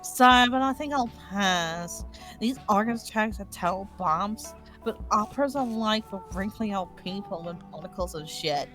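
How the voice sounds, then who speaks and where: A woman's voice: medium pitch, moderate pace, fairly bright tone, faint music behind, lightly acted. A woman voicing a flippant, crude young female pop star in a tabletop game. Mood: dismissive.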